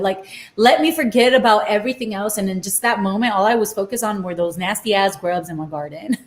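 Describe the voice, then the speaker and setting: A woman's voice: medium pitch, roomy sound. A young woman from Los Angeles hosting a casual cooking live stream, chatting and ranting while she cooks and slipping in Spanish phrases. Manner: chatty, mixes in Spanish phrases, animated rants. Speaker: cooking show host. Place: home kitchen.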